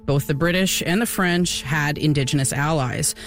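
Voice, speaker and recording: A woman's voice: low voice, moderate pace, soft background music. A woman co-hosting a casual history podcast, explaining events with a few fillers. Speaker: podcast co-host.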